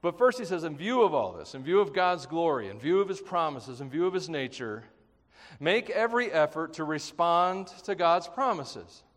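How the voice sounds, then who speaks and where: Animated male preacher in a reverberant hall. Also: a little high, normal speed. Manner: animated, conversational preaching with jokes and acted quotes. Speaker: pastor. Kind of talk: sermon.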